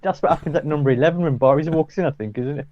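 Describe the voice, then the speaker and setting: A man's voice: on the high side, rapid-fire, mellow, no echo, dull audio. A British man co-hosting a podcast, teasing his partner in a dry, joking way. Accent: British English. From Indian heritage. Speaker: podcast co-host. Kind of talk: casual comedic chat.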